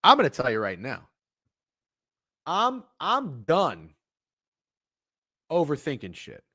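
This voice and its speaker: A young man hosting a live sports betting stream, chatting with viewers in a profane, animated way. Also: fairly high pitch, takes it slowly, breathy edge, no echo, clean studio sound. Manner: animated, swearing, talks to chat. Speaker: sports betting show host.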